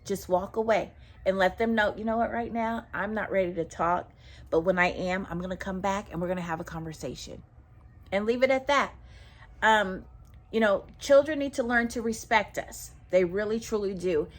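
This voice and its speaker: A woman's voice: mid-range voice, moderate pace. Emphatic teacher woman. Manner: emphatic, repeats herself, talks straight to viewers. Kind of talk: casual classroom advice to teachers.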